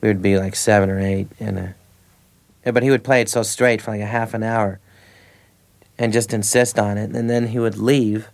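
A man's voice: on the low side, little pitch movement, normal speed, vocal fry, a little mellow. A man in his thirties, a comedian guest, telling stories in a loose, rambling way with restarts and laughs between lines. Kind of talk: casual anecdotal interview.

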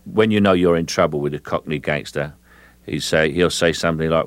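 Heard in a radio interview, an older actor from England talks in a very deep voice with no room sound. He keeps a slow, measured pace and repeats words while thinking things through.

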